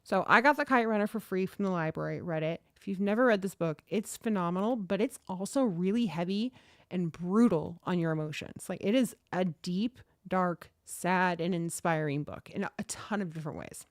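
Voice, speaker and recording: A woman's voice: on the low side, moderate pace, dry recording. Chatty woman livestream host in her thirties, dry close mic. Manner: chatty, animated, reads chat aloud. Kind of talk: casual livestream storytelling.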